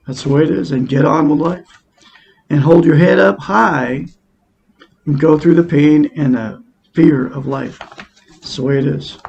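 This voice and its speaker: A man's voice: fairly high pitch, creaky, a little mellow, muffled recording, slight background noise. A man giving a rambling self-help monologue to his viewers, repeating himself and talking straight to them.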